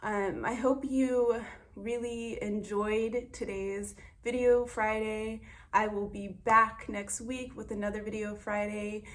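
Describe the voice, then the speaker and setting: A young woman talking casually and earnestly to camera as a wellness vlogger, guiding breathing and speaking with gentle heartfelt warmth. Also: medium pitch, steady tone, takes it slowly. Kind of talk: casual guided breathing talk.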